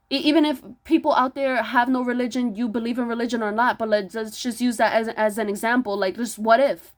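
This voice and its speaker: A fairly high-voiced woman preaching about spiritual self-work with mounting intensity. She restarts her words often and builds into loud, emphatic rhetorical questions, close to yelling. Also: steady tone, brisk, hardly any pauses. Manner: stammering restarts. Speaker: spiritual vlogger. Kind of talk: impassioned spiritual monologue.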